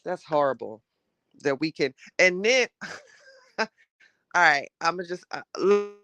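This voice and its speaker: A woman hosting a casual morning livestream, chatting with her viewers and reading their messages. She gets heated and animated fast and laughs between her rants. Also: on the low side, no room sound. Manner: chatty, talks straight to the audience.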